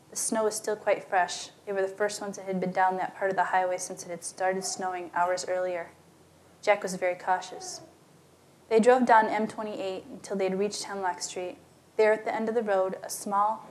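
A woman's voice: medium pitch, slight background noise. A woman narrating a story aloud, lightly giving voice to the characters in plain storytelling. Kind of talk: scripted narration.

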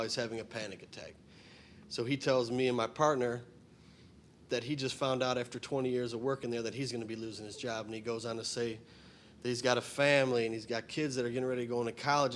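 A man's voice: medium pitch, a little hiss or hum. A middle-aged man, introducing his song in a rambling, plainspoken way and stating blunt opinions. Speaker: singer-songwriter and former firefighter.

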